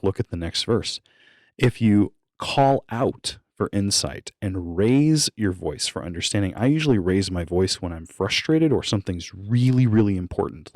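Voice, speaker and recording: A man's voice: low voice, no room sound, studio quality. A man, a young adult, giving a casual devotional on a podcast, earnest and teacherly, building to exhortation.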